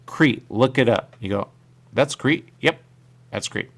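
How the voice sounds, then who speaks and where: A man's voice: mid-range voice, a little slow. A male radio show host chatting casually and rambling, repeating his catchphrases. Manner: repetitive, animated, catchphrase-heavy. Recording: radio studio mic.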